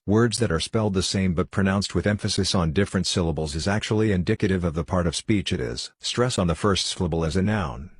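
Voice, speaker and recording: A man narrates online posts in a very deep, slightly husky voice. His reading is steady and matter-of-fact. The sound is dry and close. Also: dry recording.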